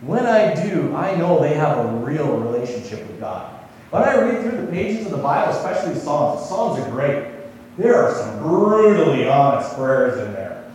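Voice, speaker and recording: A male pastor gives a sermon in a relaxed, conversational way, often turning to his listeners with questions. His voice sits a little high and moves with a lot of lift and fall. He sounds distant from the microphone, with a long hall echo around him. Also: moderate pace, slight background noise. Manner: conversational, asks the congregation questions. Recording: echoey hall, voice from far off.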